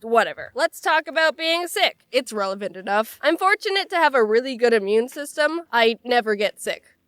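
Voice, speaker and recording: Young woman vlogger, congested and nasal from a cold, wry comic delivery, fairly high voice, dry close mic. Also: lively intonation, a bit bright, dry recording. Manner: sarcastic, self-mocking, quick jokes. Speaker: animation vlogger. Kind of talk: casual comedic vlog narration.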